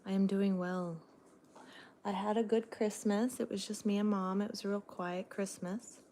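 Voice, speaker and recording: A woman's voice: mid-range voice, steady tone, moderate pace, dark tone, a little hiss or hum. A woman truck driver from Texas, chatting casually on a livestream in a sarcastic, swearing manner.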